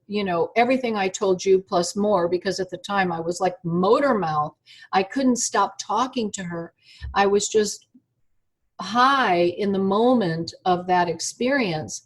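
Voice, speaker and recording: An older woman tells her own story as an interview guest, her voice slightly husky and sitting in a middle register. She narrates with animation and slips into the voices of the people she quotes. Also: mid-range voice.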